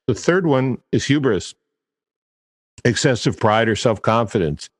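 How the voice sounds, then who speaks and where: A man's voice: mid-range voice, big pitch swings, moderate pace, big-room sound. A man hosting a podcast, talking casually in a chatty, digressive and self-deprecating way. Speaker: podcast host.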